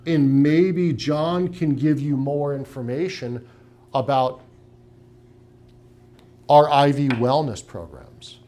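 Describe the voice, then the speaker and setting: A man's voice: medium pitch, slow pace, pauses often, dark tone. A middle-aged man giving a business training talk to clinic owners, emphatic and punchy, with rhetorical questions. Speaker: practice consultant.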